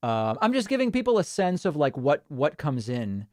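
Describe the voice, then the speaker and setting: A man's voice: a little high, sing-song, moderate pace, dry recording, clean studio sound. A man hosting a live-stream show, chatting casually and reacting to listener voicemails and chat messages. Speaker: show host.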